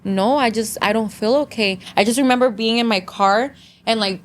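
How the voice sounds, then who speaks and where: On a podcast, a young adult female guest shares a story in relaxed chat, her voice on the high side and at normal speed. She blends English and Spanish, uses "like" a lot, and sounds earnest and emotional, almost crying.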